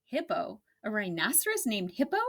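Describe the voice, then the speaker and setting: A woman voicing a small, gentle male porcupine in a storybook reading, soft and polite. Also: mid-range voice, huge pitch swings, moderate pace. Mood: shy polite.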